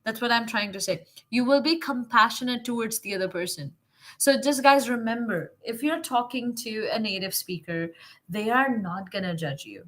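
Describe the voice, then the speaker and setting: Female teacher hosting a livestream, casual and encouraging, slightly high voice with a crisp, forceful edge. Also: normal speed. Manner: encouraging, coaching directly; chatty, with fillers and self-corrections. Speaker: English teacher, livestream host.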